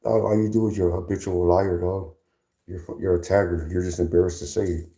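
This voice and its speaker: A man's voice: sits low, level tone, fairly quick, mellow. A middle-aged man on a livestream, confrontational and heated, stammering through restarts and saying "dog" after nearly every sentence. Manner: confrontational, repeats "dog" constantly; stammering restarts when worked up.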